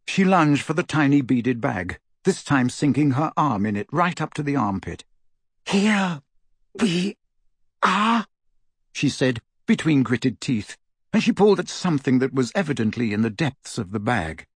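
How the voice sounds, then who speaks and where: A man narrating an audiobook in an expressive storytelling manner. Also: mid-range voice, moderate pace, husky, no echo, clean studio sound.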